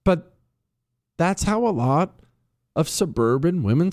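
A man's voice: animated, takes it slowly, long pauses, darkish tone, dry recording. Sarcastic radio guy riffing, voice bouncing all over, dry studio sound. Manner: sarcastic, jumps to high mocking pitch. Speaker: radio show host. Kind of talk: casual talk radio commentary.

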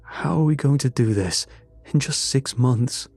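A man voicing a tense father who speaks quietly and with strain. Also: low-pitched, level tone, normal speed, soft background music.

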